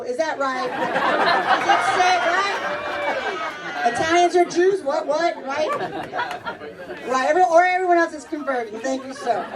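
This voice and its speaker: A brash, high-voiced middle-aged woman works through a stand-up set, chatty and laughing at her own punchlines. She sounds a bit far from the recorder, with a club crowd laughing loudly around her. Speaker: stand-up comedian. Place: comedy club stage with audience.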